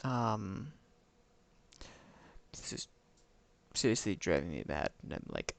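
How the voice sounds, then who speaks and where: A man's voice: low-pitched, wildly swooping pitch, takes it slowly, gravelly. A man streaming a game live, musing to himself in casual commentary and hunting for the right words.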